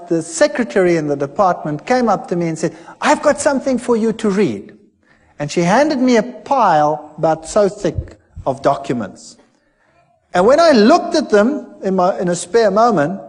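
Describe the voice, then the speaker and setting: A man's voice: high voice, long reverb tail. A middle-aged man, a former lecturer, telling his story animatedly and acting out the dialogue. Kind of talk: personal testimony talk.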